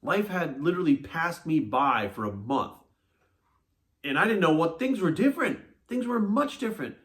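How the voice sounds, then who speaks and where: A man, a fitness coach, telling a personal story in a blunt, animated way with a lot of swearing. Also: a little high, moderate pace. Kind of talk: casual monologue to camera.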